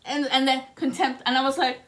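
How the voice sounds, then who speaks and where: A woman's voice: high voice, flat delivery, fairly quick. A woman speaking as a spiritual reader in a passionate, profane rant to her viewers. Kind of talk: emotional monologue to camera.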